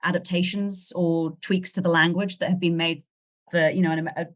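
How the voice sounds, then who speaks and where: A woman's voice: lowish voice, level tone, fairly quick. A woman talking as a guest on a podcast, chatty and wry, picking apart small details of a film. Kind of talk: casual podcast chat.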